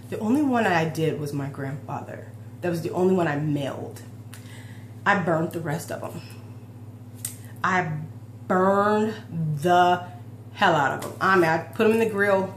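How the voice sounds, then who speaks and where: A woman in her forties talking heartfelt and emotional in a personal vlog, rambling with restarts. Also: fairly low pitch. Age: 40s. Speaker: fitness vlogger. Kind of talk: personal confessional vlog talk. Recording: roomy echo with faint hum.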